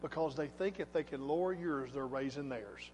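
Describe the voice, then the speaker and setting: A man with a high voice preaches a sermon in a church sanctuary. He pushes hard on some lines and goes soft and quiet on others. The sound carries a long reverberant tail from the hall. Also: moderate pace, soft background music. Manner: emphatic, swings between loud exhortation and quiet asides. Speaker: pastor.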